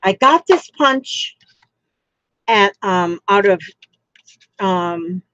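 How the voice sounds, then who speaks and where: A woman's voice: medium pitch, expressive, drawn-out words, lo-fi sound, noisy background. A woman from Florida who chats casually while crafting on a livestream and reads out viewer comments. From Florida, United States.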